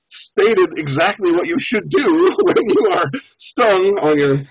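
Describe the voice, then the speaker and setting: A man's voice: sits high, lively intonation, takes it slowly, crowd noise. A man guesting on a show, telling a story in a casual, laughing way. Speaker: beekeeper guest. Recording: dull lo-fi audio.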